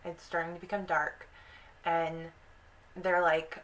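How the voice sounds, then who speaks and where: A woman's voice: on the low side, flat delivery, slow pace, long pauses, a bit bright, rough recording. A young woman hosting a casual vlog, animatedly retelling a story and slipping into the characters' voices. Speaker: video host.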